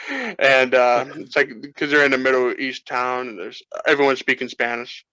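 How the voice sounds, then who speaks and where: A man's voice: mid-range voice, normal speed, no echo, rough recording. A man co-hosting a casual film discussion, with talk that rambles and doubles back on itself. He sounds eager and fannish. The recording is dry, with little room sound. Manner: rambling, restarts often, excited game fan. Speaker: co-host. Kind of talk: casual chat.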